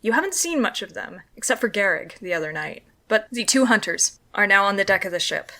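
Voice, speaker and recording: Bright-voiced woman narrating a tabletop game. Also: medium pitch, a little fast. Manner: descriptive, steady scene-setting narration. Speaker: game master.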